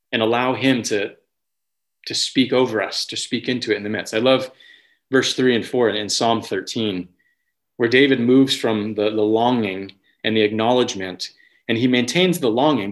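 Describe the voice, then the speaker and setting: A man's voice: medium pitch, fairly bright tone. A man preaching a sermon to his church, earnest and searching, often restarting phrases and lifting his voice when he speaks a prayer aloud. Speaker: pastor.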